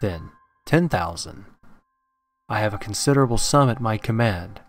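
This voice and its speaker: A man voicing a grave male occult scholar who warns calmly and solemnly in a read-aloud horror story. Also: fairly low pitch, moderate pace, faint music behind, lightly acted. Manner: calm, solemn warning.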